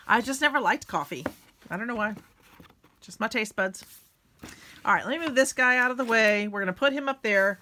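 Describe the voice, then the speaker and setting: A woman's voice: medium pitch, bright, forceful tone, a little hiss or hum. A middle-aged woman, hosting a casual craft tutorial and chatting while she works. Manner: chatty, self-deprecating, talks while working.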